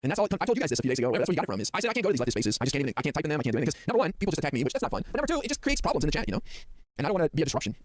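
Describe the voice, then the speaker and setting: Fast-ranting exasperated male streamer. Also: fairly high pitch, very animated, no echo. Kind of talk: live stream commentary.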